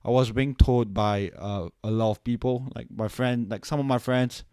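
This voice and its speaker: A young man from Singapore hosting a podcast on his own, thinking aloud in loose, rambling sentences and tagging "right?" onto his points. His voice sits at an ordinary pitch, and the recording is dry and close, with no room sound. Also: steady tone, normal speed, dark tone, clear, resonant tone, no echo. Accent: non-standard, hard to place; he says it doesn't sound Singaporean. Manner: rambling, many restarts and "right?" tags. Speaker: podcast host. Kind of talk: casual solo podcast intro.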